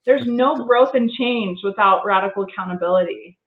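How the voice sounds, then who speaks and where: A woman's voice: mid-range voice, normal speed. A woman talking earnestly in a casual conversation, reflective and prone to restarting her sentences. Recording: tinny phone-line sound in an echoey room.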